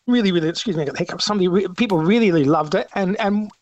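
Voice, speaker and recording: Older aussie guest musician, fast, high-pitched, rambling restarts, dry sound. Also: male voice, dry recording, muffled recording. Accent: Australian. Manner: eager, rambling, many restarts. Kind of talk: radio interview chat.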